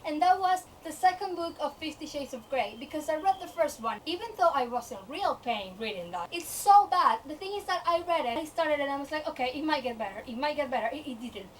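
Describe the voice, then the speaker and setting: A young woman book vlogger ranting to camera in a chatty, exasperated way, acting out the voices in her head. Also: high-pitched. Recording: distant mic with faint noise.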